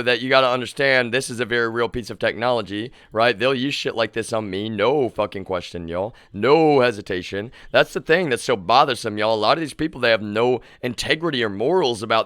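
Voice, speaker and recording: A man streaming live, ranting in an agitated, profane way at his viewers, dropping to low mutters and then bursting into shouts. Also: clear, resonant tone, no room sound, clean studio sound. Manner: agitated, profane, keeps addressing viewers as "y'all"; swings between low muttering and shouted outbursts.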